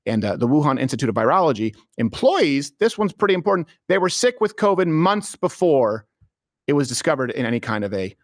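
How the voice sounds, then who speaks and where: A man hosting a political comedy talk show in a studio, animated and sarcastic, often laughing. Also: a little high, brisk, no echo. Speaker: host.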